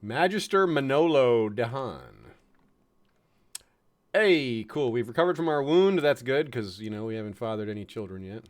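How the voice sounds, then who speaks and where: A man's voice: medium pitch, lively intonation, normal speed. A man from the United States giving chatty, chuckling commentary on a strategy game, fond of puns. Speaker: game streamer.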